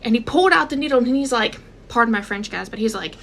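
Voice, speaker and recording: Fields: woman, gravelly, animated storyteller. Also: on the high side, fast talker, slight background noise. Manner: animated, addresses viewers directly, acts out quotes. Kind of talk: casual personal storytelling.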